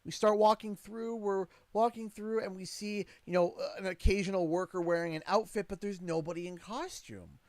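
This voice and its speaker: A man's voice: high-pitched, steady tone, moderate pace, few pauses, a little mellow, dry recording. A Canadian man in his thirties, a father and streamer, telling a story in a casual livestream, rambling with many restarts and growing exasperated.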